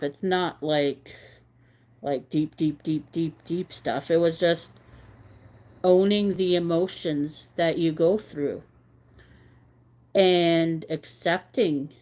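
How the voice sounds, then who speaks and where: A woman hosts a relaxed craft livestream and talks in a slow, unhurried way. She rambles candidly between thoughts and reads comments from her viewers aloud. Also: low-pitched. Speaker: crochet livestream host. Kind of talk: casual chat with viewers.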